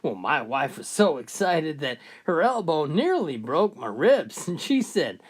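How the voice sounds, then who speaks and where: A man telling a countdown of jokes with animated storytelling. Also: on the high side, unhurried, hardly any pauses, husky. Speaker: joke teller.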